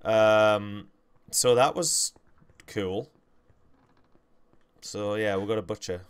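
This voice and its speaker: Young man, low smooth voice, rambling livestream commentary. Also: fairly even intonation, slow. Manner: rambling, self-correcting, jokey. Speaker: gaming livestream host. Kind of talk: casual game commentary.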